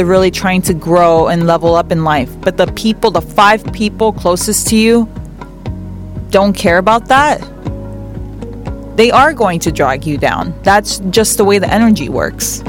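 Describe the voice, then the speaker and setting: Slow, gentle woman giving tarot advice. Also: medium pitch, faint music behind. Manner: gentle, earnest, repeats words for emphasis. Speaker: host of a tarot reading show. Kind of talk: reflective spiritual advice talk.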